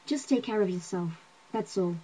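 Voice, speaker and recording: A woman reading the part of a stiff, reserved young man who speaks quietly and measuredly. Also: on the high side, animated, normal speed, breathy edge, rough recording.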